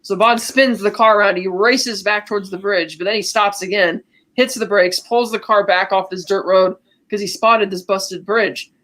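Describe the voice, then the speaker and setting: A woman co-hosting a podcast, recapping a film plot in casual chat and acting out quick quotes as she goes. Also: mid-range voice. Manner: animated storytelling with quick acted-out quotes. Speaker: podcast co-host.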